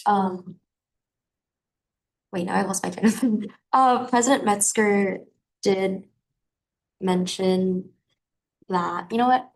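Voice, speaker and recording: A young woman student senator speaking in a meeting discussion, chatty and quick to laugh at herself. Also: mid-range voice, gravelly, rough recording. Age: young adult.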